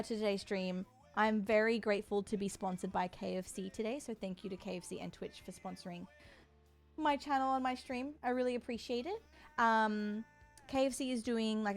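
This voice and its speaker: A young woman with a soft Australian accent chatting casually on a live stream. She is bubbly and chatty, gushes with excitement, and fills pauses with frequent ums. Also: fairly high pitch. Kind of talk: casual live-stream chat with a sponsor read.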